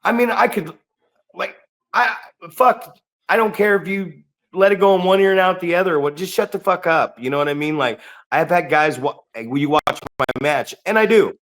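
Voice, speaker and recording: Male podcast co-host, slightly high voice, blunt and profane, casual chat. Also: normal speed, a bit bright. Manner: blunt and profane, acting out quoted people. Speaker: podcast co-host and wrestling trainer.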